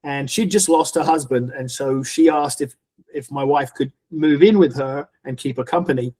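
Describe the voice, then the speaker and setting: A middle-aged man, a podcast guest, telling a personal faith testimony in earnest, halting speech full of restarts. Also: mid-range voice, warm tone.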